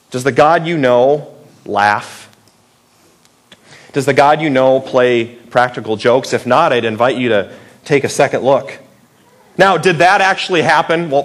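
A man's voice: on the high side, a bit bright. A man preaching a sermon in a playful, conversational way, asking the listeners many rhetorical questions. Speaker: pastor.

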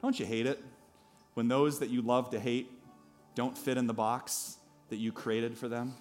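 A pastor preaching a sermon at a church service, telling a story in a lively way with asides to the congregation. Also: male voice, mid-range voice, moderate pace, faint music behind.

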